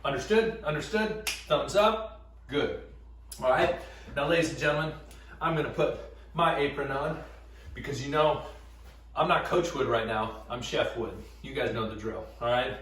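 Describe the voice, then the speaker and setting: A young man teaching an energetic class, counting reps aloud and checking in with "all right?" throughout. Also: mid-range voice, moderate pace, long pauses, recorded from a distance. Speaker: PE teacher leading a workout and recipe. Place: indoors, gym then home kitchen. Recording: very echoey room, voice a bit off-mic.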